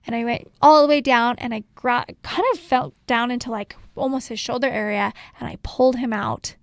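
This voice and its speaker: A woman podcast co-host casually telling her own story, animated, acting out quotes and laughing often. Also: on the high side, moderate pace, no echo, clean studio sound.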